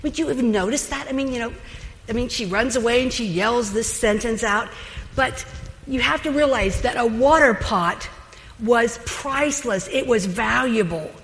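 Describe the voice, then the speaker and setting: A woman's voice: a little high, normal speed, fairly bright tone, a little hiss or hum. A woman giving a chatty, conversational sermon as a Bible teacher. She speaks animatedly, with asides and laughter. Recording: long hall reverb.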